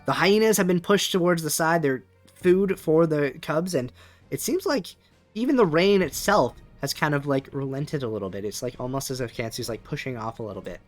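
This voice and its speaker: A man's voice: fairly high pitch, animated, fairly quick, soft background music. Rambling male game master. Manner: rambling with many fillers. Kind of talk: narrating a tabletop game. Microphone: webcam setup.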